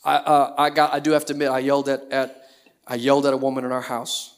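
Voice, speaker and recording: A man's voice: medium pitch, completely flat delivery, quick pace, clear, resonant tone. A man in his thirties, a pastor preaching a sermon in a conversational way, full of rhetorical questions.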